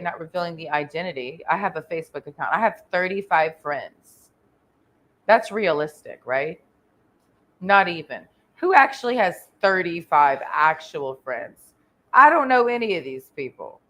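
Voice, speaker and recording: A woman's voice: lowish voice, animated, normal speed, fairly bright tone. A woman from Texas ranting in a crude, confrontational vlog monologue, swearing constantly and rambling with trailing "and"s. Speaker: vlogger.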